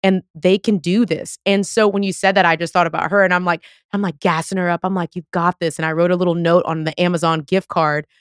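A woman's voice: fairly low pitch, steady tone, a little fast, hardly any pauses, no echo, clean studio sound. A woman in her thirties hosting a podcast, chatting casually and effusively, quoting herself as she goes. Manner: effusive, talks through laughs and quotes herself. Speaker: podcast host. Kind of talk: casual chat.

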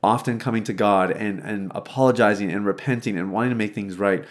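Recorded in the bedroom he grew up in, this thirty-something faith-based recovery speaker reflects conversationally on his own recovery, with frequent restarts. His voice is lowish and fairly quick.

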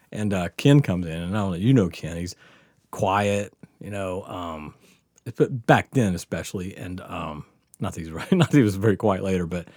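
A man's voice: deep voice, moderate pace, no echo, studio quality. Man telling stories. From Southern United States. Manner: laughing, profane, animated. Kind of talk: casual storytelling.

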